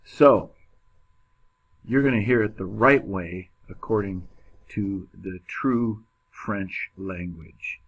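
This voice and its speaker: A man gives a chemistry lecture at an unhurried pace, his voice sitting on the low side. He talks casually, cracks small jokes and fills gaps with ums and uhs. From United States. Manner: casual, joking, with many fillers and restarts. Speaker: chemistry teacher. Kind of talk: classroom lecture.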